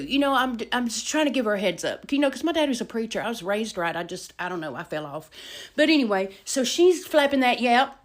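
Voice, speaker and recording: Middle-aged woman, lively storytelling. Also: a little high, fairly quick. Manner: animated, swings between loud emphasis and hushed asides. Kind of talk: casual storytime.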